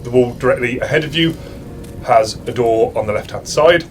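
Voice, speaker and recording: A British man narrates a tabletop game as dungeon master, talking casually and stopping to restart his sentences. His voice sits at an ordinary middle pitch. Clear music plays underneath him. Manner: casual, halting, lots of restarts and fillers.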